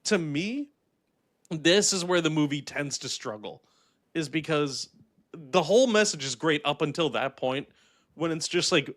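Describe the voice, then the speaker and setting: A man's voice: on the high side, measured pace. A man co-hosting a casual podcast chat, talking animatedly with lots of "like" and frequent laughter. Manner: animated, laughs often, filler-heavy. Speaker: podcast co-host reviewing a film.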